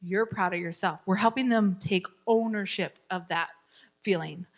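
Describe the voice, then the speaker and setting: A woman's voice: mid-range voice, normal speed. A woman teaches a parenting class in a classroom. She talks with her students and encourages them. She acts out the lines of parents and children as she explains.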